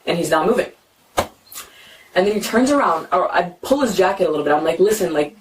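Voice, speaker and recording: A young woman telling a police officer what happened, talking fast and filling her story with "like" and acted-out quotes, recorded on a bodycam. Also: fairly low pitch, animated. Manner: fast, repeats "like", acts out quotes. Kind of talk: retelling events to an officer. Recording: noisy bodycam audio from a distance.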